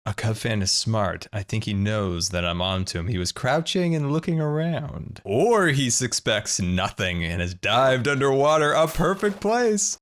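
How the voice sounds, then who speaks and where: A man in his thirties hosting a video game let's play, talking through his building and his pranks in a playful, animated way. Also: medium pitch. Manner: animated, playful, narrates his own moves. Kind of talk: gameplay commentary.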